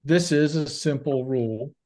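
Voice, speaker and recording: Man, guest author, patient step-by-step explaining, mellow tone, slightly high voice. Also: moderate pace. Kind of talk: casual podcast chat.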